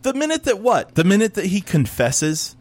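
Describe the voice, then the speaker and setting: A man's voice: high voice, sing-song, moderate pace. A man in casual chat, sarcastically recapping a TV show and acting out the characters. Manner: sarcastic, acts out characters mid-story.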